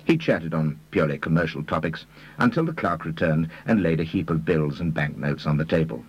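A male narrator with a very low, husky voice reading a story. His delivery is measured, yet his pitch rises and falls in lively sweeps. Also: no echo, muffled recording. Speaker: audiobook reader. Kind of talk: scripted narration.

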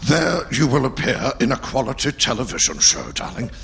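Man as a pompous elderly stage actor, gravelly, swooping pitch, theatrical, sketch impression. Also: sing-song, moderate pace, fairly bright tone. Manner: pompous, theatrical, calls others darling. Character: grand elderly male wizard-actor, theatrical.

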